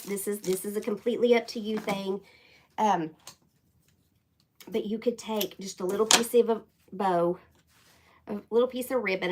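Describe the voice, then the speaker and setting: Chatty Oklahoma woman crafting host. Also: medium pitch. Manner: chatty, folksy, thinks out loud. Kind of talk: casual craft tutorial chat.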